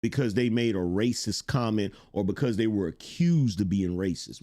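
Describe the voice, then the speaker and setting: A middle-aged man with a lowish voice hosts a live-stream commentary show. He is blunt and emphatic, reads out viewer chat, and repeats his points for effect, swearing as he goes. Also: animated, normal speed, warm tone.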